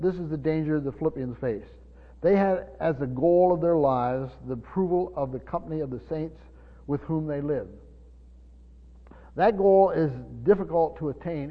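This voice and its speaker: A man preaching a Bible-teaching sermon, stumbling over repeated words and asking the congregation questions. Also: on the high side. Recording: dull hall recording with reverb.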